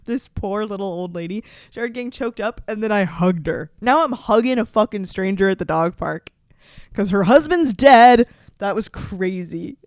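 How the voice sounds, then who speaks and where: A woman's voice: mid-range voice, moderate pace, hardly any pauses, no room sound, studio quality. A woman in her twenties, a podcast host telling casual stories in a chatty, profane way, full of fillers and restarts. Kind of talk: casual storytelling chat.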